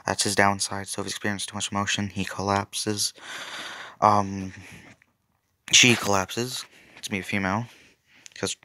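A man's voice: on the low side, flat delivery, moderate pace, pauses often, pushed and bright, dry recording. A young man casually telling a fan-made story, rambling with loose fillers, restarts and jokey asides.

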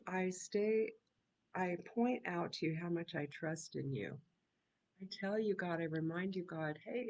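A woman's voice: fairly low pitch, creaky, rough recording. A woman hosting a live devotional, reading scripture aloud and reflecting in a casual, conversational way with frequent little laughs. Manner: casual and conversational, laughs often, many ums. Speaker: devotional host and missionary.

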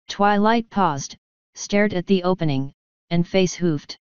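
A woman narrating a fanfiction story in a steady, unhurried way. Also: on the low side, clear, resonant tone, no echo. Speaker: fanfiction reader. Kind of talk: audiobook narration. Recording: dull lo-fi dry recording.

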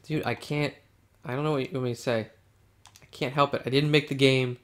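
A man's voice: mid-range voice, steady tone, a little fast, a bit bright. A man chatting casually while playing a video game with a friend, joking and teasing in a playful way. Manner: playful, jokey, mock-regal bits. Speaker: gamer. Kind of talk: casual gaming chat.

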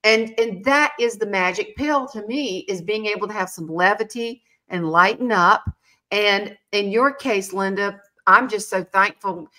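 A middle-aged woman hosts a podcast chat, telling self-mocking stories and acting out what people said. She is animated, with a medium-pitched voice and a measured pace.

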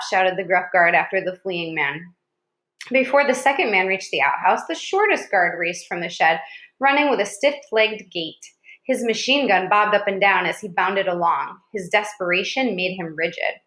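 Female audiobook narrator, mid-pitched voice, reads with small stumbles, echoey room. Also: normal speed, sharp tone. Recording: roomy echo.

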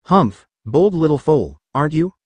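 A man's voice: a little high, sing-song, a little mellow, slightly rough, no echo, pitched above the performer's own voice. A man voicing a sneering villainous alicorn mare. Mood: mocking. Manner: slow, sneering, grandly mocking. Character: haughty dark female alicorn villain, mocking.

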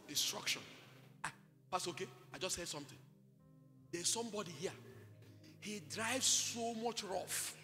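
A Nigerian pastor preaching a sermon at a conference, calling out to the congregation for responses and breaking into shouts. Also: male voice, very high voice. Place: large church conference hall. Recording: reverberant hall with music underneath.

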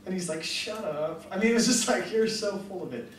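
Young guy preaching, high voice, super animated, acts out convos, hall echo everywhere, kinda far off. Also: fast talker, a little hiss or hum. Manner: excitable, jokey, acts out both sides of conversations. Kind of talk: animated sermon storytelling. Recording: echoey hall mic from a distance.

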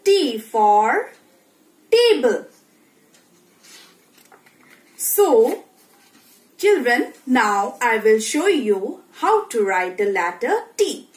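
A woman teacher leads a phonics lesson for young children in a high, lively voice. She speaks slowly and repeats herself, checking in often. The room is very echoey. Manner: slow, sing-song, repeats and checks with "okay?".

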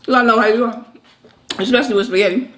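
A woman's voice: fairly high pitch, fast, crowd noise. A woman co-hosting a mukbang, chatting casually and laughing easily as she eats. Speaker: co-host of a mukbang channel. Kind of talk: casual chat while eating.

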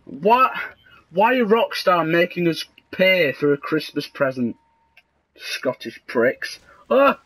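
A young man with a sarcastic, deadpan manner, casually commentating a video game and breaking into sudden excited yelps. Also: a little high, slow pace, low-quality recording. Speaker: gaming video host.

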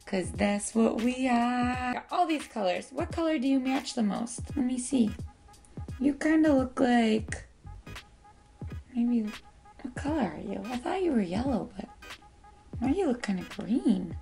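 A woman's voice: a little high, expressive, measured pace, creaky, pauses often, warm tone, faint music behind. A woman doing a casual makeup tutorial. She talks in a playful, silly way to her pet bird and makes self-mocking asides. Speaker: beauty vlogger.

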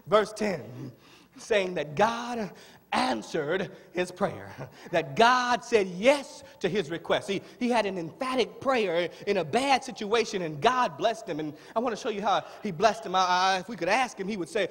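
A man preaching a sermon as pastor, rising from plain talk into shouted, pleading prayer with drawn-out words. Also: high voice, lively intonation, breathy edge. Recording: long hall reverb.

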